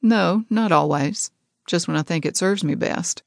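A blunt, teasing young man drawls dry remarks, as a female audiobook narrator voices him. The voice sits low, and the recording is dry and close. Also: a little slow, creaky, dry recording.

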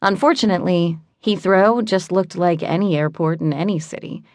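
A woman narrating a novel in first person with a wry, chatty and lively delivery into a studio microphone. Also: on the low side, moderate pace, dry recording. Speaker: audiobook narrator.

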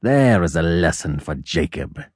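A man voicing a scornful young nobleman who speaks low and slow, with a sneer. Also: very animated, no room sound, studio quality, full character voice. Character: young nobleman, the mocking, malicious elder brother. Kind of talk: audiobook character voice.

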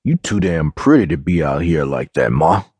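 A man's voice: a bass voice, sing-song, moderate pace, a little mellow, husky, no echo, heavily acted. A man voicing a cocky, menacing streetwise young man with slangy swagger, in an audiobook reading.

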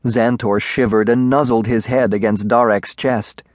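Man reading a children's storybook, measured and expressive, mid voice, dry booth. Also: mid-range voice, no echo. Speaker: audiobook narrator. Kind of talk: scripted children's storybook narration.

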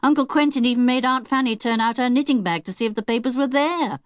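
A woman's voice: fairly high pitch, quick pace, no room sound, voice pushed up, lightly acted. A woman narrator voicing an eager, polite young schoolgirl in a children's audiobook. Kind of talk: audiobook character voice.

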